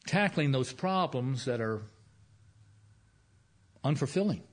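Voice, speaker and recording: Middle-aged pastor, man, conversational sermon delivery, folksy, soft emphasis, average pitch.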